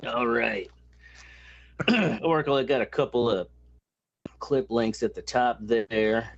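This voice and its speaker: A man's voice: medium pitch, slow, vocal fry, muffled recording. A man hosting a casual podcast chat, explaining a topic at length with many fillers and crude asides. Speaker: podcast host.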